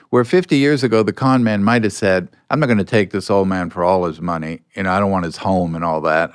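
An older man, a guest being interviewed, telling anecdotes in a relaxed way and acting out bits of dialogue. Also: lowish voice, smooth, no room sound, clean studio sound. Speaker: guest, former con artist. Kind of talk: storytelling interview answers.

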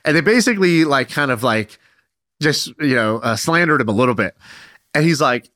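A man in his thirties, co-hosting a podcast, telling a story in an energetic, animated way. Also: medium pitch, normal speed, no room sound, studio quality. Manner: energetic, animated retelling with quoted voices. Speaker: podcast co-host. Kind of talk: casual storytelling chat.

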